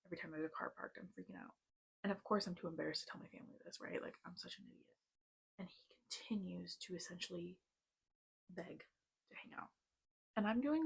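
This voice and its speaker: Doing her makeup on camera, a woman in her 30s tells a personal story in a relaxed, talkative vlog, filled with "like" and edgy asides. Her fairly low voice sounds gravelly and husky.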